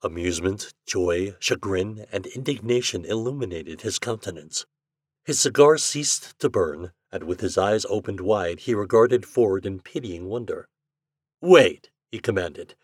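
A man narrating classic short fiction in a measured, expressive storytelling way. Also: fairly low pitch, no echo, studio quality. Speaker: podcast narrator.

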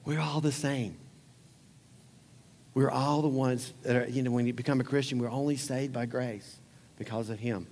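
A man preaching a sermon as pastor, conversational and animated, acting out scenes and closing in prayer. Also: medium pitch, normal speed, long pauses, long reverb tail.

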